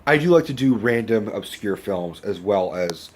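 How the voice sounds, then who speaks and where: Dude with a sore throat and a cough, kinda low voice, rambly casual movie rant, swears a lot, filmed on a handheld phone. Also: male voice, lively intonation, normal speed. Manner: rambling, swears freely, self-correcting. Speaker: movie review host. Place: indoors under a bright lamp. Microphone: handheld phone camera.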